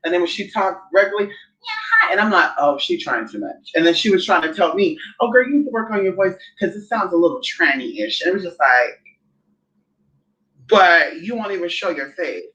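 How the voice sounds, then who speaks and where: A woman's voice: on the low side, animated, fairly quick, fairly bright tone, highs cut off. A woman hosting a casual chat, sassy and blunt, who often acts out other people's voices when she quotes them. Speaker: host.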